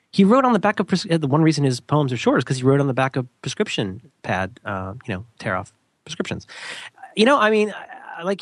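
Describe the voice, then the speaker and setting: Animated man ranting on a podcast. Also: a little high, no room sound. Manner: animated, jumps into mock voices, emphatic. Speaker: podcast co-host. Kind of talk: casual podcast rant.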